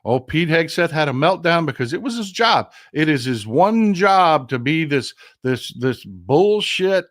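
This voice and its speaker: A man hosting a casual political livestream, talking straight to his viewers in a profane, animated way and calling them folks. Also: on the high side, no room sound, clean studio sound. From Texas. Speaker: political commentary host.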